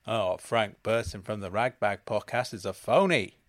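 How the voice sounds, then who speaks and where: A man's voice: fairly low pitch, moderate pace, no echo, studio quality, close to an everyday voice. A man voicing a scornful teenage boy who calls everyone a phony, in a sneering, dismissive way.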